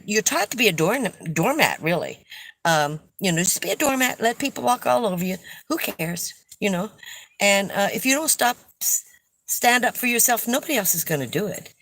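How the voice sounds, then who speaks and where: A woman's voice: medium pitch, fairly bright tone, no echo, low-quality recording. An older woman hosting a casual livestream, chatting and telling stories with frequent laughs. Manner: chatty, storytelling, laughs often. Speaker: livestream host reading viewer comments.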